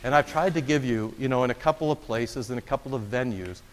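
A middle-aged preacher gives a lecture-style sermon that's conversational and wry, sprinkled with sarcastic asides. He speaks fast in a mid-range voice, with slight background noise and the long reverb of a large hall.

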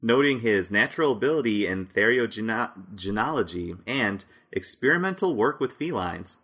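A man hosts a casual quiz segment on a podcast. His voice sits a little low, and he reads out answers in a playful, easygoing way, often breaking into laughter. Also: lively intonation, normal speed, fairly bright tone, slightly rough. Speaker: podcast host running a quiz. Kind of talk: casual comedic chat.

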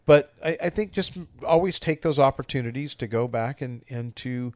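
A man's voice: mid-range voice, normal speed, a little mellow, no echo, studio quality. A man co-hosting a casual podcast, a pastor with a wry, teasing humor.

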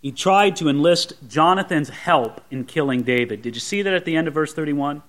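A man's voice: fairly high pitch, brisk, a bit bright. A man preaching a Bible sermon as a pastor, often putting rhetorical questions to his listeners.

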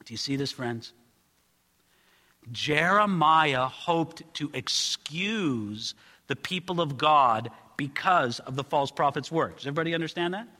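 Earnest high-voiced male preacher in a hall. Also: lively intonation, a little slow. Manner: earnest, rises high and loud when acting out pleas. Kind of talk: expository sermon. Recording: long hall reverb.

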